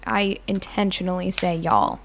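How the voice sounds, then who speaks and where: A woman's voice: fairly low pitch, expressive, normal speed, slight background noise. A young woman guesting on a podcast, chatting casually with dry, matter-of-fact humor. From North Country, New York. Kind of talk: casual chat.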